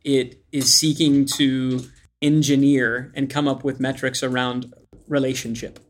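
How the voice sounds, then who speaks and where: A man's voice: mid-range voice, level tone, measured pace. A man, a podcast guest, giving an emphatic, opinionated rant about marketing. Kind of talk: casual rant.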